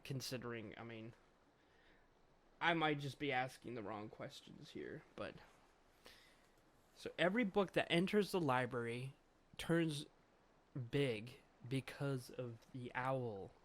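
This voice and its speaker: A man's voice: mid-range voice, lively intonation, slow, pauses often. A man reviewing a comic chapter in casual commentary, thinking aloud and chuckling often as he reads along.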